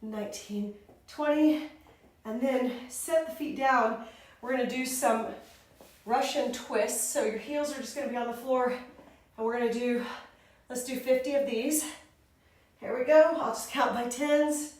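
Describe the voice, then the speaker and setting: A woman's voice: high voice, steady tone, normal speed, a little mellow, heavy reverb, distant mic. A woman leading a pilates and yoga workout, counting reps and calling out moves while out of breath. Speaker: fitness instructor. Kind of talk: workout instruction.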